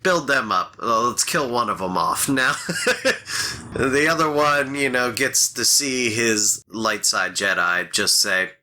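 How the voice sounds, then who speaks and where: A man's voice: medium pitch, lively intonation, slow, sharp tone. A man co-hosting a podcast, retelling a story in casual chat and laughing between phrases. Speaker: podcast co-host.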